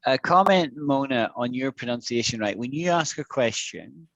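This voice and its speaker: A man's voice: medium pitch, animated, normal speed, fairly bright tone, no room sound, poor audio. A man teaching an online English lesson, patiently explaining with repeated examples.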